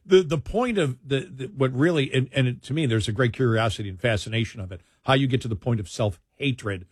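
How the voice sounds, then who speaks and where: Older talk-radio host from New York, close dry studio mic, incredulous and animated. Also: male voice, mid-range voice, brisk, husky, dry recording. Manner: incredulous, animated, puts on mocking voices when quoting. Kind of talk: casual talk radio chat. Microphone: studio microphone.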